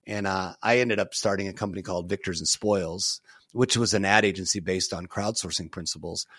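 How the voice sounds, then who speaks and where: A middle-aged man, a podcast guest, telling stories in a casual, animated way, full of "you know" fillers and the odd swear word. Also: lowish voice, no room sound, clean studio sound. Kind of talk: casual storytelling interview.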